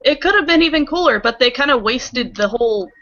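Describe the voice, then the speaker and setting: A woman from the United States chatting casually with friends, giving relaxed, sarcastic opinions. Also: high-pitched, brisk, lo-fi sound. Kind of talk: casual group chat.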